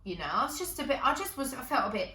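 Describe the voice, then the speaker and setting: A woman's voice: high-pitched, sing-song, racing, sharp tone. A young woman with an Essex accent telling a rambling, sweary comic story alone in her bedroom. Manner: chatty, rambling, swears freely. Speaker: comedic storyteller. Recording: echoey room, mic at a distance.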